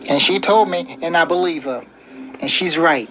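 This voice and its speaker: A man's voice: on the high side, moderate pace, background noise. A man delivering a rambling, preachy relationship-advice monologue, full of "you know". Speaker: vlogger giving relationship advice. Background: background music.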